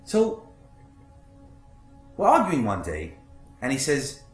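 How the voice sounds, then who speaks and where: A man's voice: medium pitch, wildly swooping pitch, takes it slowly, echoey room, faint music behind. A man playing a brash, foul-mouthed New butcher. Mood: bitter. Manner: blunt, profane, storytelling. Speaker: actor in a one-man stage monologue. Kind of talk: theatrical monologue. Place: theater stage.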